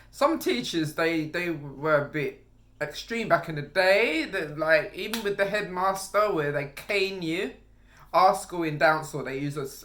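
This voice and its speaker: A man telling casual stories from his life. He is animated, laughs often and acts out other people's voices. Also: on the high side. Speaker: vlogger. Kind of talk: casual storytelling.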